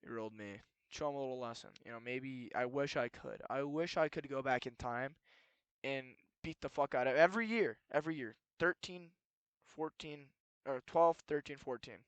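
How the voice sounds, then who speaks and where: A young man ranting in a rambling, profane solo monologue, moving between low muttering and heated outbursts. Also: moderate pace, clear, resonant tone, no room sound. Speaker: solo podcast host. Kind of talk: rambling late-night monologue.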